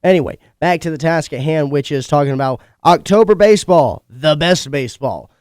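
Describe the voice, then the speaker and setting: A young man hosts a college radio sports show. His congested voice still comes through smooth and clear, sitting a little high for a man. The studio sound is dry and close, and he talks in a chatty, opinionated way with quick asides. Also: darkish tone, no room sound. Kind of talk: casual sports talk monologue.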